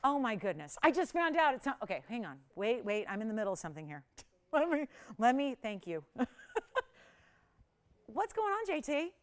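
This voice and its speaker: Animated woman hosting live jewelry sales. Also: fairly high pitch, normal speed, long pauses. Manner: chatty, animated, laughs often, counts down prices. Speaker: jewelry shopping host. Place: TV shopping studio.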